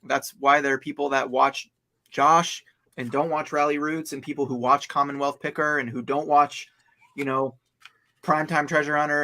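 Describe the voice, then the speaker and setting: A man's voice: on the high side, sharp tone. A man co-hosting a casual livestream, talking earnestly and at length, explaining himself with many restarts. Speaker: livestream co-host.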